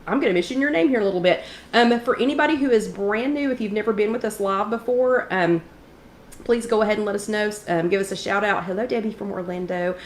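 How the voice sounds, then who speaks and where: A woman hosting a casual livestream chat, greeting viewers by name and clearing her throat from allergies. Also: medium pitch, fast, reverberant, a little hiss or hum. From East Tennessee. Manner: chatty, greets viewers by name between remarks. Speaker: host of a live wellness chat.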